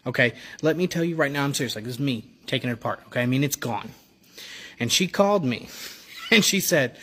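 A man's voice: fairly high pitch, lively intonation, fast, pushed and bright. A young man telling a comedic story about his wife, playful, laughing and mocking as he goes. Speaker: comedy video creator.

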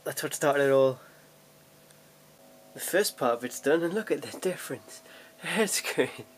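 A man's voice: on the high side, expressive, a little slow, slightly rough. Chatty young man vlogging. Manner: chatty, self-deprecating, laughs often, many restarts. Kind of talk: casual rambling vlog chat. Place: at home sorting DVDs.

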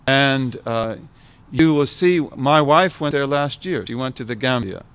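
An American man in his seventies, a guest scholar, gives an informal talk to an audience, reflective and repeating phrases for emphasis. His medium-pitched voice is expressive, clear and resonant, fairly bright, at a measured pace.

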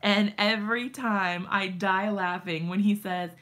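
A woman's voice: mid-range voice, steady tone, unhurried, fairly bright tone. A young woman chatting casually to viewers during a live craft stream, laughing often. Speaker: craft livestream host.

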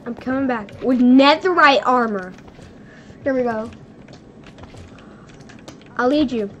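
A young woman hosting a casual gaming video, excitable, giggly and nervous as she plays with a friend. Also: high voice, slow, dull audio, slight background noise. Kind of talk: casual gameplay chat.

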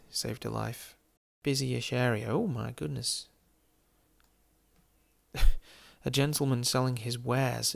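A chatty Englishman with a gravelly edge talks casually as he tours a city on screen. He is amused and laughs often, dropping jokey asides at mid pitch. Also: fairly even intonation, slow, pauses often. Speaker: football game YouTuber. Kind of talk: casual commentary over a virtual street tour.

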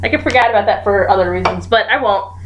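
A woman's voice: mid-range voice, fast talker, highs cut off, noisy background. A woman casually commenting as she plays a guessing game, giggling and thinking aloud while she types her guesses. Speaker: gaming YouTuber.

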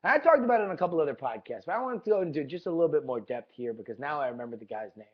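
Man, podcast host, casual rant, swears a lot, repeats words, slightly high voice, dull lo-fi sound. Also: sing-song, rapid-fire. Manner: profane and enthusiastic, repeats words. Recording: dull lo-fi recording.

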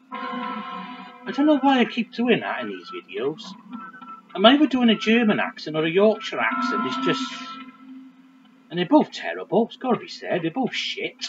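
A man's voice: fairly high pitch, huge pitch swings, normal speed, pauses often. A man giving casual, jokey commentary while playing a video game, muttering to himself. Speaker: let's play commentator. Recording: dull lo-fi audio over game music. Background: game music.

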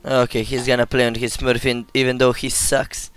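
A man's voice: medium pitch, little pitch movement, normal speed, smooth. A man, streaming a game and bantering with friends in a profane, teasing way. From Serbia. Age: 20s. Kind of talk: casual gaming stream chat.

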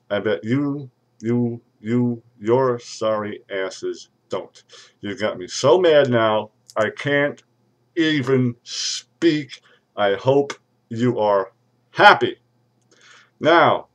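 A man's voice: medium pitch, natural voice. A man playing a pompous, irate lawyer who rants and threatens to sue everyone, recorded on a webcam. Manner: ranting, threatening lawsuits, sudden shouts. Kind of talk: comedic webcam character rant.

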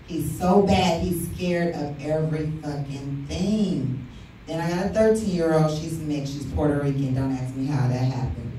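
A woman's voice: sits low, dark tone, slight background noise. A woman in her thirties doing a stand-up set, brash and profane, teasing the crowd. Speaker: stand-up comic. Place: comedy club stage. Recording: echoey club room from far off.

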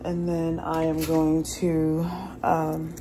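Chatting casually to camera in her kitchen, this young vlogger, a single mom who works from home, sounds worn out and drained and uses "like" a lot. Her low, mellow voice is monotone, and she takes it slowly. The home ambience is noisy.

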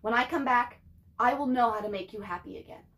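A woman's voice: on the high side, a little fast, lightly acted. A woman reading an earnest, determined young girl. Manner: earnest, quietly resolved.

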